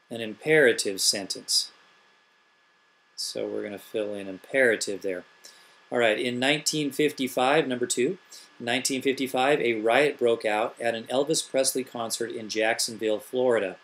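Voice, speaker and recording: A middle-aged elementary school teacher with a medium-pitched, slightly bright voice walks through grammar patiently, one step at a time. He poses rhetorical questions as he goes in this classroom grammar lesson.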